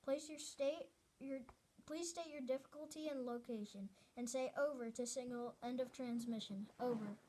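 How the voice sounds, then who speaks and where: A woman reading aloud, voicing a calm adult male radio operator who speaks in measured, procedural radio talk. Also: sits high.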